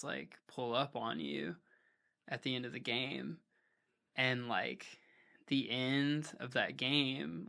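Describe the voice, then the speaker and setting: A man with a gravelly edge to a bright, forward voice talks in a loose podcast chat. He rambles through his thoughts and drops "like" into nearly every phrase. The tone stays clean and smooth under the rasp. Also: medium pitch. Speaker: podcast guest, hardcore vocalist. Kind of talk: casual conversation.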